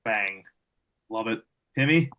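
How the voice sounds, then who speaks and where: A man's voice: on the low side, lively intonation, slow, lo-fi sound. A man co-hosting a sports betting podcast in casual chat, wry and teasing. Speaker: podcast co-host.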